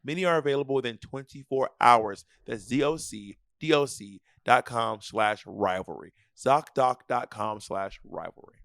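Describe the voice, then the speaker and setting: A man's voice: medium pitch, normal speed, vocal fry, hardly any pauses, a bit bright, no room sound, clean studio sound. A man in his thirties co-hosting a podcast, reading sponsor ads casually with jokey asides. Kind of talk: casual ad read.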